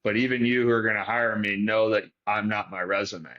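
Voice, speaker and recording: A man's voice: on the low side, fairly even intonation, brisk, highs cut off. A man from Detroit, a performance coach, talking reflectively as a podcast guest and thinking aloud with restarts. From Detroit, Michigan.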